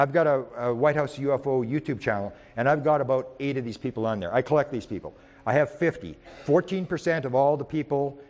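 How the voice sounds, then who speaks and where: A man giving a UFO research talk, telling stories in a rambling way with many restarts. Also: medium pitch. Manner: rambling, with frequent restarts and repeated words; animated storyteller who speaks in the present tense. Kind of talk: anecdotal storytelling lecture.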